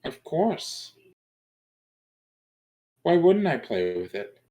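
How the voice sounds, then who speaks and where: A man's voice: fairly high pitch, big pitch swings, very slow, mellow, pitched above the performer's own voice, full character voice. A man voicing an eerie little girl of about nine, sweet and innocent on the surface.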